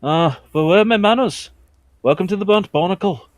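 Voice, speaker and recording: A man's voice: fairly high pitch, unhurried, dry recording, natural voice. A man voicing a burly male orc tavern keeper who talks in a folksy, drawling way with an accent that keeps slipping. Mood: welcoming.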